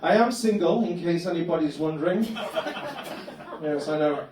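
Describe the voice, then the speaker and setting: A man doing a stand-up comedy set in a club, telling absurd stories deadpan. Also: on the high side, moderate pace, background noise. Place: comedy club bar room. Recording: echoey club room from a distant mic.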